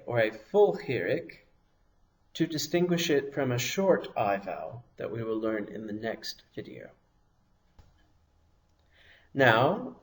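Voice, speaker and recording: Slow, patient male language teacher. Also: mid-range voice. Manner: patient, deliberate, pronounces each sound slowly. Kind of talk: slow, careful language lesson.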